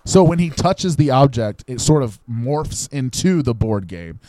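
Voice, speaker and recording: A man's voice: medium pitch, big pitch swings, measured pace, dark tone, dry recording. Playful young man, dry close sound. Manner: playful storyteller, spins made-up plots. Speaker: podcast co-host. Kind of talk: casual comedic chat.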